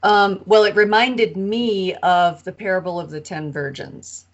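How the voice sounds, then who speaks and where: A woman co-hosting a podcast, retelling a parable in an animated, casual way. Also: mid-range voice, measured pace, dull audio. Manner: animated retelling with acted-out quotes. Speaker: co-host of a Bible study podcast.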